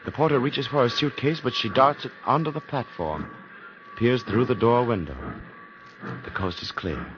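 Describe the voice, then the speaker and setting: A man narrating an old radio drama in a measured, dramatic voice, on a dull, hissy old recording. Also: medium pitch. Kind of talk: scripted narration.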